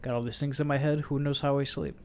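A man's voice: mid-range voice, level tone, quick pace. A man co-hosting a podcast, casually retelling film scenes with lots of fillers and swearing. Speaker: podcast co-host. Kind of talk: casual movie discussion.

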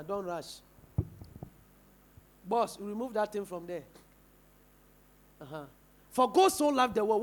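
A man's voice: high voice, a bit bright. A man with a Ghanaian English accent preaching a sermon in church, firing rhetorical questions at the congregation. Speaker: pastor.

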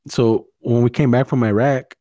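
A man's voice: mid-range voice, fairly even intonation, normal speed, warm tone, lo-fi sound. A man, hosting a casual chat, swearing a lot and mixing in Spanish slang. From California. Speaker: podcast host.

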